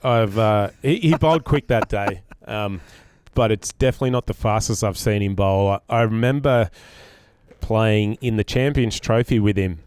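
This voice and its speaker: A man's voice: lowish voice, moderate pace, darkish tone, smooth, no echo, studio quality. An Australian man and former player telling a cricket story in casual chat, with many ums and restarts.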